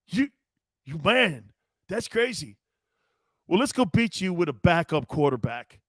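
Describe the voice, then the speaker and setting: Middle-aged man, sports talk host, high voice, dry close sound, loud, cursing, repeats catchphrases. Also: sing-song, measured pace, long pauses, no echo. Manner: loud, hollering and profane.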